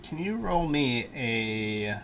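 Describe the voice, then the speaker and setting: A man narrating as game master of a tabletop game, pausing often with fillers as he describes the scene. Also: mid-range voice, sing-song, a bit bright, a little hiss or hum. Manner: hesitant, many fillers.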